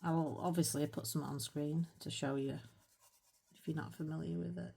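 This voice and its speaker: A British woman in middle age chats away while she colours, her voice sitting low. She drifts from thought to thought, pokes fun at herself and slips in soft little laughs. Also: fairly even intonation, moderate pace, gravelly, slightly rough. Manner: chatty and rambling, self-mocking, with little laughs. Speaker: colouring channel host. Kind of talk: casual chat while colouring.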